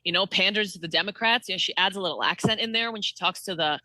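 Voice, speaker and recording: A woman impressionist in an interview, calmly explaining how she builds an impression. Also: mid-range voice, quick pace, no room sound, low-quality recording. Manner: explanatory, analytical. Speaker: impressionist guest. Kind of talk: interview answers.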